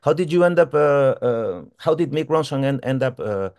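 A man hosting a radio show who asks hesitant, halting questions full of fillers and restarts. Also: medium pitch, lively intonation, gravelly, a little mellow, no echo, clean studio sound. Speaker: radio host, interviewer. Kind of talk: radio interview.

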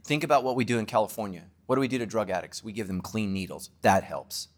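A man, a pastor, preaching an emphatic sermon to his congregation and closing with a quiet prayer. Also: on the low side, fast.

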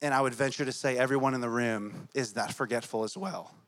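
A man's voice: medium pitch, brisk, a bit bright. A man, likely a father in his thirties, preaching a conversational sermon to his congregation and weaving in stories about his young children. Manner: conversational, tells family stories. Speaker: pastor.

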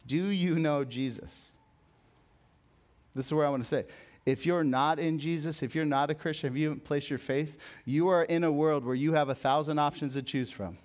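Young guy pastor preaching, chatty, jokes around, goes real quiet for the big lines. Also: fairly high pitch, steady tone, normal speed. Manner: conversational, jokey storytelling with sudden soft drops. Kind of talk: sermon.

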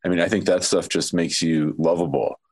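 Low nasal guy w a slight lisp, s's kinda whistle, chill podcast chat. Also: steady tone, brisk, a little mellow. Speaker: podcast co-host.

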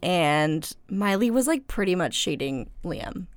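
A woman's voice: on the low side, big pitch swings, unhurried, no room sound. A young woman co-hosting a casual gossip podcast in a campus studio, chatty and playful with lots of fillers. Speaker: podcast co-host.

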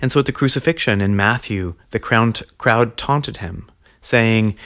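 Low-voiced man teaching a scripture podcast. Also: measured pace, a bit bright. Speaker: podcast host teaching on early Christianity.

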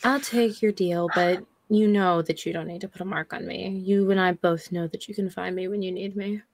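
A woman's voice: lowish voice, steady tone, normal speed, dry recording. A woman playing in a tabletop game, joking and giggling with the group. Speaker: player.

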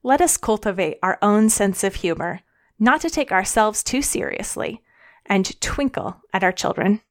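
A woman's voice: medium pitch, expressive, normal speed. A middle-aged woman reading her audio blog as a podcast host, cheerful and earnest.

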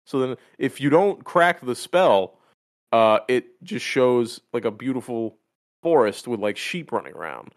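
A man hosting a casual gaming podcast, retelling game scenes in an animated, profane way. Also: medium pitch, unhurried, dry recording, studio quality. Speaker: podcast host.

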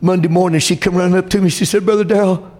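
A male preacher delivering a sermon, with an impassioned delivery that swings from shouted high lines to soft, low passages. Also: steady tone, racing.

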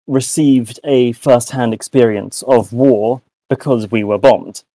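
A man's voice: mid-range voice, takes it slowly, dark tone, no room sound, rough recording. A young British man, a podcast co-host, talking in a rambling casual way with many restarts and self-mocking asides. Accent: British English. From United Kingdom. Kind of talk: casual chat.

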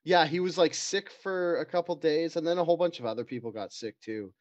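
Guy rambling on a podcast, kinda high voice, dull dry sound. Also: brisk, no room sound. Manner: rambling, swearing, laughing often. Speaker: podcast co-host. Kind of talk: casual podcast chat.

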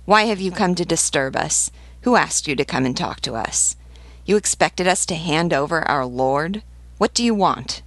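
Defiant scornful rebel man, read by a woman, slow, gravelly, dry close sound, storybook reading. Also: low voice, no room sound.

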